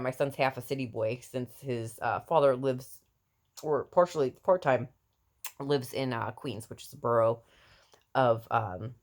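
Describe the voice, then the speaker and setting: Low-voiced chatty woman. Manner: chatty and rambling, many fillers, laughs often. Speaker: mother giving healthy-eating tips. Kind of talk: casual vlog chat.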